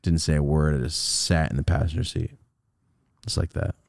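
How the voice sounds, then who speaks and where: A young man hosting a podcast, telling a personal story in casual chat, animated, jumping from loud high bursts to low mutters. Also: fairly quick, gravelly, no echo, clean studio sound. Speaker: podcast host.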